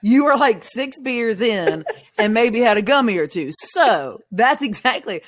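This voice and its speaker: A woman's voice: a little high, expressive, moderate pace. A woman with a North Carolina accent, co-hosting a casual podcast, telling chatty stories and laughing often. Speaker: podcast co-host. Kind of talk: casual chat.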